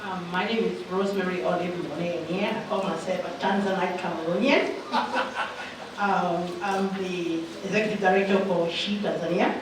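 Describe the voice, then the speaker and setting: A woman's voice: fairly low pitch, steady tone, brisk. A woman in the audience introducing herself in a friendly, light way. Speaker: audience member. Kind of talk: spontaneous self-introduction. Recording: echoey hall, distant, background noise.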